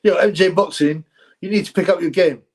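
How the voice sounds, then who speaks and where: A man's voice: high-pitched, a little fast. A man hosting a casual live stream, rambling, repeating himself, and effusively thanking donors. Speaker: livestream host reading donations.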